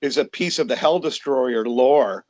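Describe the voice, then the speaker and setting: A man in a relaxed interview, spinning stories about his music and acting out who said what. His pitch sits right in the middle for a man, neither deep nor high. He drops casual swears as he talks. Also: a little slow, no room sound. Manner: storytelling, acts out quoted exchanges, swears casually. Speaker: guest, metal singer.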